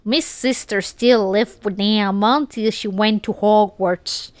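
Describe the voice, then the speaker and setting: A woman's voice: mid-range voice, slow pace, darkish tone, dry recording, lightly acted. A woman putting on a ditzy Southern girl, drawling and boastful. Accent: put-on American Southern. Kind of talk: reading a fanfic in a put-on voice.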